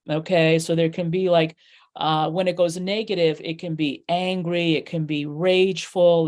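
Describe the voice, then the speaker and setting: A woman's voice: fairly low pitch, darkish tone. A middle-aged woman teaching a numerology workshop in a chatty way, full of fillers and playful acted-out asides. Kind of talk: workshop lesson.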